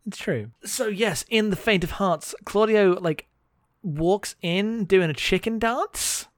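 A man's voice: high voice, dry recording, studio quality. A man co-hosting a casual podcast, chatting and laughing as he recaps a comic book. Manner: chatty, laughing, reads lines in quick voices. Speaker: podcast co-host.

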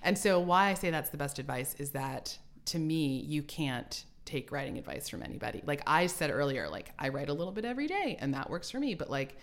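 A woman's voice: deep voice, very animated, fairly quick, hardly any pauses. A woman in her forties, an author being interviewed, telling stories animatedly and laughing often. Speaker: author guest. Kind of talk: casual interview chat.

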